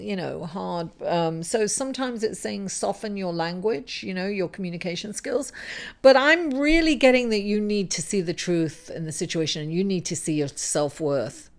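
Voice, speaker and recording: A woman's voice: medium pitch, expressive, normal speed. A woman giving a weekly tarot reading to camera, encouraging and musing, who keeps calling the listener darling. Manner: musing, thinking aloud with fillers and restarts. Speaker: tarot reader.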